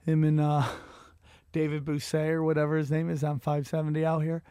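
A man's voice: fairly high pitch, fairly quick, clear, resonant tone, dry recording, studio quality. A man hosting a podcast, rambling and profane in a casual comedic rant. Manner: rambling, profane, animated storytelling. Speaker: podcast host.

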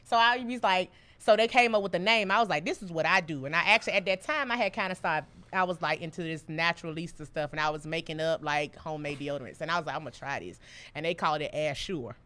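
A woman's voice: low voice, fast, hardly any pauses, a bit bright, clean tone. A young woman with a Southern American accent, telling a story in a casual podcast chat and laughing often. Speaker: podcast guest.

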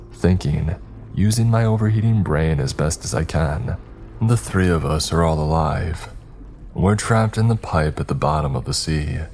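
A man's voice: a bass voice, a little mellow. A man narrating a first-person horror story in a tense, dramatic manner.

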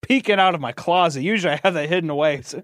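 A man's voice: fairly high pitch, racing, a bit bright, dry recording, clean studio sound. A man with a Southern US accent co-hosting a podcast, joking and laughing often in casual chat. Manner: laughs often, jokey, talks over others. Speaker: podcast co-host.

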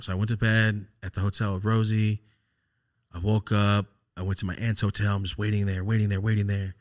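A man hosting a podcast, telling a personal story in a raw, profane, halting way, his voice sometimes sinking almost to a whisper. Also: fairly low pitch, flat delivery, no room sound, clean studio sound. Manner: raw, profane, halting, drops to a near-whisper when upset. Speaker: podcast host. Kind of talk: casual storytelling.

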